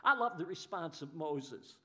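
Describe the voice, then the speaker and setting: High-voiced, animated preaching man. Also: a little slow. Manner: animated preaching, voices the crowd in quotes, repeats words. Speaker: pastor. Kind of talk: sermon.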